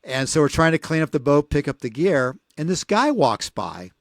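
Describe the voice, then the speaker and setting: Casting: man in his 60s, fairly high voice, dry close sound, animated rambling storyteller. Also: moderate pace, vocal fry, dry recording. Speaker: podcast co-host. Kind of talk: casual storytelling.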